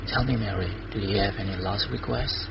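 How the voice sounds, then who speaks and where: A man reading the lines of a kindly older priest in a story, gently and quietly, with a gravelly low voice. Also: brisk, distant mic, lo-fi sound, very noisy. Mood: consoling.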